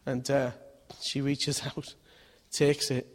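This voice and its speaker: A man's voice: mid-range voice, level tone, slow. A man preaching a sermon in a conversational way, asking his listeners questions and acting out voices in his stories. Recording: long hall reverb.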